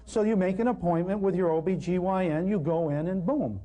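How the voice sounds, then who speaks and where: A man's voice: high-pitched, a little fast, few pauses, dark tone. A man giving a natural healing talk to a live audience, telling humorous, self-deprecating stories.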